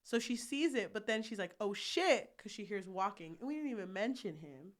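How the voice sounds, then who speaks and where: A woman co-hosting a podcast, chatting casually about a novel, animated, swearing freely and laughing often. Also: medium pitch, a little fast. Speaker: podcast co-host. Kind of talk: casual book chat.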